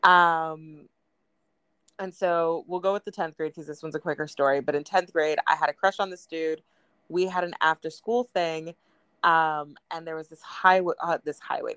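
A woman's voice: low voice, fairly bright tone, clear, resonant tone, dry recording. A young woman co-hosting a podcast, telling a story casually with fillers and easy laughter. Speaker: podcast co-host. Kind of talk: casual chat.

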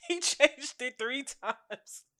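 Bright high-voiced man, loose podcast chat. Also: lively intonation, extremely slow. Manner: loose, laughing, swears freely. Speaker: podcast co-host. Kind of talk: casual chat.

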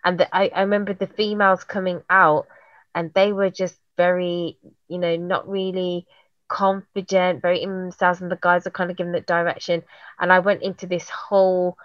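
A woman with a British accent, of Jamaican heritage, telling lively stories in casual chat and acting out the voices of people she quotes. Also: on the low side, normal speed, no echo, muffled recording. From Jamaican heritage, raised in Britain. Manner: animated storyteller, acts out quoted voices.

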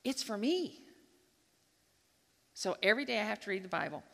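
A woman giving a devotional talk at a church gathering, telling a lively personal story and acting out her own thoughts as she goes. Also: medium pitch, moderate pace, creaky. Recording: long hall reverb.

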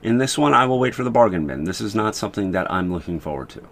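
A man co-hosting a casual gaming chat, with a fairly low voice. He gives blunt, dismissive opinions and often restarts his words mid-sentence. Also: animated, fast talker, vocal fry, a bit bright. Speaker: podcast co-host.

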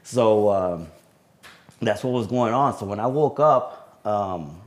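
Male deputy guest, slightly low-pitched, halting fillers, casual interview telling. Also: lively intonation. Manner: halting recounting with frequent fillers.

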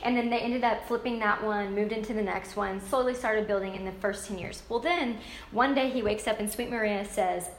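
A woman's voice: medium pitch, fairly quick. Gushing woman in an echoey room. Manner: gushing, enthusiastic storytelling. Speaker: book recap speaker. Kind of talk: casual book recap. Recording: roomy echo, faint ambient noise.

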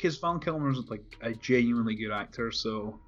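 A man's voice: medium pitch, animated, moderate pace. A man in casual chat, laid-back and loose, swearing freely with lots of fillers. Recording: dull lo-fi with faint music.

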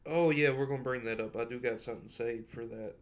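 A man's voice: mid-range voice, fairly even intonation, quick pace. A man in his thirties co-hosting a podcast, laid-back, reading items aloud and chatting. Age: 30s. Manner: laid-back, reads items out to the other host. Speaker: podcast co-host. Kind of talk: casual chat.

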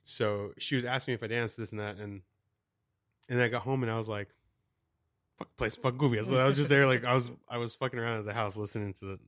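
A man's voice: mid-range voice, steady tone, fast, fairly bright tone, dry recording, clean studio sound. A young man co-hosting a music podcast, chatting casually, swearing freely and laughing often. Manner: laid-back, swears a lot, laughs often. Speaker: podcast co-host. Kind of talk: casual chat.

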